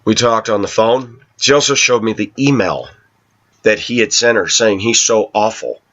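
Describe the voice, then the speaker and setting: Aggrieved low-voiced man vlogging. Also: normal speed, fairly bright tone. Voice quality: frequent throat clearing. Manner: aggrieved, telling his side at length. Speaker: vlogger addressing viewers. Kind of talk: personal monologue to camera. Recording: slightly dull lo-fi recording.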